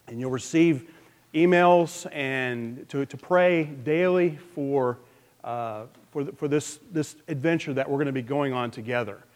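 A man with a fairly high voice gives a loose, conversational sermon, stopping and restarting his phrases as he speaks. His voice rings with the long reverb of a large church sanctuary. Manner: informal, halting, and repeats words as he goes. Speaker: pastor. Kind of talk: conversational sermon with announcements and prayer.

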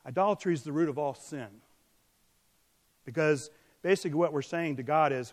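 Preacher guy, slightly high voice, goes big then hushed, long hall echo. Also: normal speed. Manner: earnest, rises to loud emphatic peaks then drops soft. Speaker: pastor. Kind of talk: sermon.

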